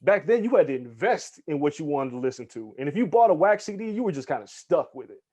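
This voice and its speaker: Animated man telling stories. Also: a little high, fast. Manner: animated, acts out quotes, casual swearing. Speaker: guest, hip hop journalist. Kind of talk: casual storytelling in an interview.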